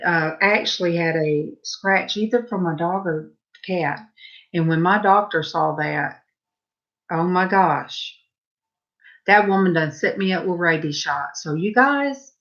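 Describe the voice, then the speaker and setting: An older woman with a Southern US drawl chats with her livestream viewers, wandering off on tangents and answering comments as they come. She talks slowly and comfortably. The audio is dull and lo-fi, like a basic stream. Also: lowish voice, a bit bright. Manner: rambling, folksy, breaks off to answer chat. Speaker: host of a painting livestream. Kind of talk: casual chat with live viewers.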